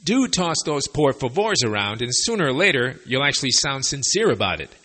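Male language teacher with a husky, forceful voice and lively delivery; casual, wry, sarcastic asides. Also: mid-range voice, brisk. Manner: lively, chatty explaining. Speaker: Spanish teacher for expats. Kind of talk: conversational language lesson.

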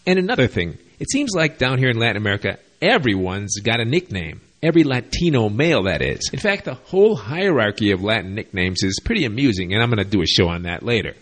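A man's voice: fairly low pitch, big pitch swings, fast talker, few pauses, a bit bright. A man hosting a video, telling a crime story in a casual monologue with sardonic, wry asides. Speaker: video host. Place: lives in Latin America.

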